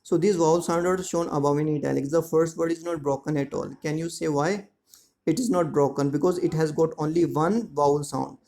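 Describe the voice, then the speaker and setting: A man teaching a school lesson, explaining words slowly and checking that students follow. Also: a little high, fairly even intonation, vocal fry, mellow. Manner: slow, repetitive explaining with frequent check-ins. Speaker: English teacher. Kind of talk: classroom lesson explaining grammar and syllables.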